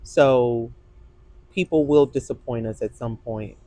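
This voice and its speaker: A woman co-hosting a podcast in casual chat, supportive and quick with affirmations. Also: rumbling low, warm tone, no echo. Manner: supportive, lots of affirming backchannels. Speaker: podcast co-host.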